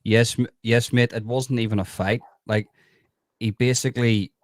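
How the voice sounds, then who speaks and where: A man's voice: mid-range voice, steady tone, normal speed, no room sound, clean studio sound. A man hosting a live fight stream, easygoing in casual chat as he hears out his callers.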